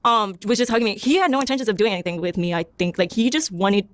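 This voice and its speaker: A woman's voice: mid-range voice, fast, no room sound, clean studio sound. A young woman from Panama, a podcast guest, telling her personal testimony in a rambling way, leaning on "like" and quoting herself. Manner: rambling, heavy use of "like", self-quoting.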